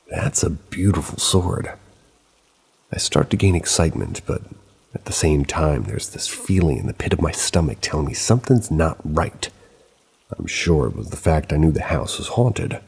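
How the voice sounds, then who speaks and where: A male narrator recounts a paranormal tale in a relaxed, chatty way, dropping in offhand asides. His voice is extremely deep and gravelly, with a husky, breathy edge. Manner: casual, conversational retelling with asides. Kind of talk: first-person storytelling narration.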